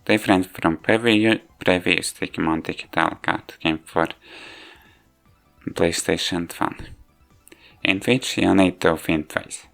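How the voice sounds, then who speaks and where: A man with a very low voice talks through a game review at an unhurried pace. He stumbles often, breaking off words and restarting them. Faint music plays underneath. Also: fairly even intonation, creaky, a bit bright. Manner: halting, frequent restarts and self-corrections. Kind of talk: casual video game review voice-over. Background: faint background music.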